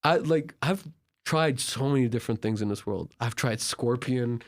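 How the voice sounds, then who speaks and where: A young Turkish man appearing as a podcast guest speaks at a moderate pace in a medium-pitched voice. He tells travel stories casually and animatedly, packing them with filler words and acting out the conversations.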